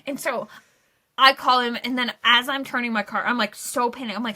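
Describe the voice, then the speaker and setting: A young woman spins a story for her podcast in a high voice. Her tone is bright and lively, and she talks in an animated, breathless rush that is often broken by laughter. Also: normal speed. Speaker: podcast co-host. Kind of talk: casual storytelling chat.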